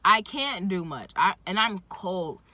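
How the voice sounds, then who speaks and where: A young woman vlogger tells a casual story, animated and indignant, full of "like". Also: mid-range voice, measured pace, dry recording. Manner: animated, indignant retelling with lots of "like".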